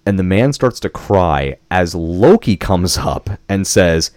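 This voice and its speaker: A man's voice: low voice, expressive, slow, darkish tone, no room sound, studio quality. A young man co-hosting a podcast, chatting casually and swearing as he retells a film scene. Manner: chatty storytelling with laughs and swearing. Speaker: podcast co-host. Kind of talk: casual chat recapping a film.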